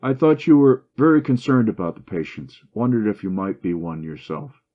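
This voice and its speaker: A man's voice: on the low side, very animated, moderate pace, phone-quality sound. A man reading as a young country doctor with a bad cold, asking dry, sarcastic questions in a story reading. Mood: wry.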